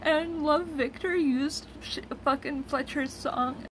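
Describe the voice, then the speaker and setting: A woman's voice: a little high, fairly even intonation, measured pace, vocal fry, darkish tone, slight background noise. A young woman vlogging casually, talking to her pet rats in cooing baby talk and sometimes whispering.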